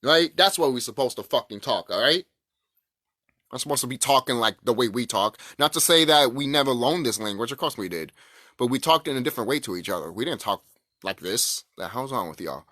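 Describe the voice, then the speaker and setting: Man, casual vlog rant, profane and rambling, pitch swinging up and down, dry close sound. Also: animated, brisk, bright, forceful tone, no room sound. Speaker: vlogger. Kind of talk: casual spiritual rant to camera.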